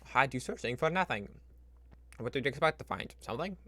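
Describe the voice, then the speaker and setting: A man's voice: medium pitch, lively intonation, fairly quick, bright, forceful tone, no room sound. A man streaming as he builds a spreadsheet, thinking aloud in a casual, rambling way, talking to his computer and making up little sound effects. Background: keyboard typing and clicking.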